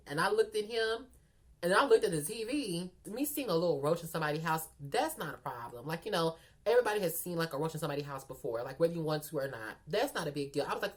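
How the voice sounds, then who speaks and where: Sassy animated woman telling a story. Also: medium pitch. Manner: sassy, animated, talks to viewers as girl and y'all. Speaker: storytime vlogger. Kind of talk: casual storytelling to the camera.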